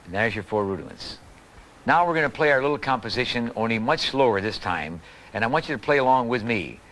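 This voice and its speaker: A man giving a calm, patient drum lesson for beginners, counting and calling out the strokes. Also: medium pitch, brisk, poor audio. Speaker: drum teacher. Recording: old video tutorial with loud drums. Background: snare drum playing.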